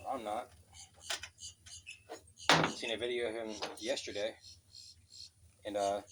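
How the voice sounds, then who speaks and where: A vlogger with a mid-range voice stands outdoors by a road, background noisy, ranting casually. He's blunt and profane, telling stories with plenty of swearing.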